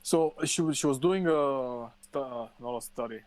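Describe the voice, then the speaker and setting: A podcast co-host from Bulgaria, talking in loose casual chat. He is animated when he tells a story, acting out the other people in it and swearing often. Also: medium pitch, moderate pace, no echo. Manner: swears freely, animated storytelling with quoted voices.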